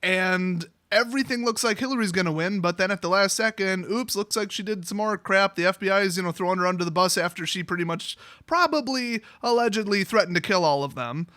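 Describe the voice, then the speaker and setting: A man's voice: sits high, fairly quick, hardly any pauses, bright, forceful tone, dry recording, studio quality. A man ranting sarcastically to camera, exasperated and mocking as he talks. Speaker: YouTuber. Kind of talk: political rant.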